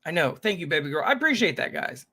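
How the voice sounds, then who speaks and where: Man, live-stream host, casual chat, bright tense tone, rambling, greets viewers. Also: on the high side, big pitch swings, fast, breathy edge. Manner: frequent laughs and self-interruptions. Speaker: livestream reaction host.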